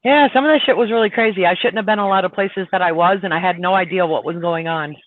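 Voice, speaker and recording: On a live stream, a truck driver tells a long road story in a chatty way, laughing and heatedly retelling arguments. His voice sits high and moves at a quick pace. The line sounds tinny and phone-like, with no room sound.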